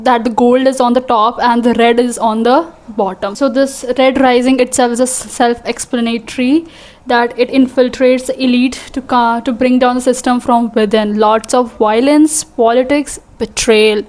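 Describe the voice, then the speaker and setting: A young woman with an Indian English accent, chatting excitedly and rambling as a book vlogger. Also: a little high. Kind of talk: casual vlog chat.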